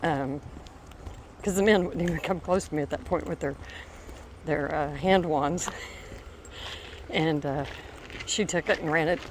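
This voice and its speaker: Middle-aged lady rambling through a story while walking her dog, lowish voice, bit of outdoor hiss. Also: unhurried, pauses often. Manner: chatty, rambling, breaks off to call her dog. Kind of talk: casual storytelling on a walk. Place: outdoors on a walk.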